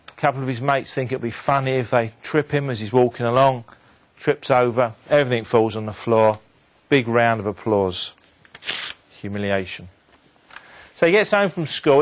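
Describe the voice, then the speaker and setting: A man giving a motivational talk to an audience, telling a story in an animated way and dropping his voice low and quiet for the sad moments. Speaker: motivational speaker.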